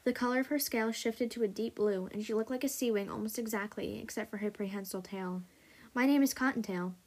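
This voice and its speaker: A woman hosting a story podcast, reading a story aloud in a steady, even way. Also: mid-range voice, fast talker.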